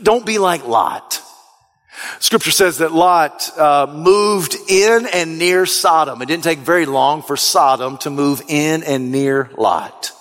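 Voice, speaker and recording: High-voiced preacher in a hall. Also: male voice, slow pace, hardly any pauses. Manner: dynamic preaching, swings from soft to shouting. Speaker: pastor. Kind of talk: sermon. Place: church sanctuary. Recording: long reverb of a large hall.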